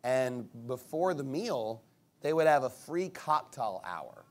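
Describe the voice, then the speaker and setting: A man's voice: medium pitch, very animated, slow pace. A man preaching a casual, conversational sermon, telling stories and mimicking other people's reactions. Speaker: pastor.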